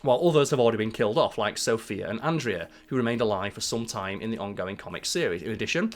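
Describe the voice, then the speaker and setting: A man's voice: lowish voice, quick pace, soft background music. Chatty male podcast co-host. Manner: chatty, animated storytelling with casual swearing. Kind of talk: casual chat.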